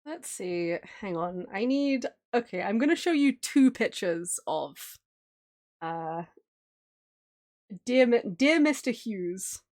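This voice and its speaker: A woman's voice: medium pitch, lively intonation, slow, a little mellow. A woman streamer chatting casually while drawing, gushing and giggling often. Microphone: streaming mic.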